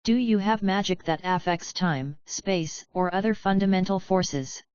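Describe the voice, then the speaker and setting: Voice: medium pitch, a little slow, darkish tone, smooth, no echo, dull audio, close to an everyday voice. A woman voicing a polite, methodical female unicorn scholar who asks formal questions.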